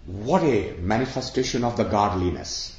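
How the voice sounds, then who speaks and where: A spiritual teacher with a lowish, slightly mellow voice and lively intonation speaks at a normal speed, explaining ideas through questions and everyday examples to about sixty people. The echoey room gives dull lo-fi sound with a little hiss or hum.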